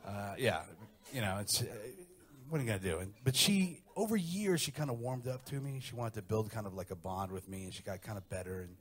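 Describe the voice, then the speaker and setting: A middle-aged man doing a stand-up set with brash, profane, animated storytelling. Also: lowish voice, a little fast, slightly rough. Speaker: stand-up comedian.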